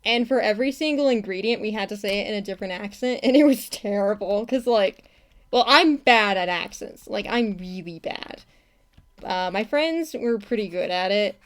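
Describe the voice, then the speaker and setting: A woman's voice: medium pitch, lively intonation, moderate pace. A young woman from the United States chatting casually on a live stream while she animates, talking in a chatty way with lots of laughs and self-corrections. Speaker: animator streaming her work.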